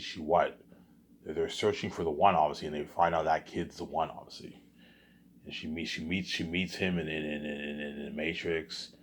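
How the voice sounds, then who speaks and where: A man talking in a casual vlog monologue, rambling and often repeating words and restarting his sentences. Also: deep voice. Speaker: vlogger.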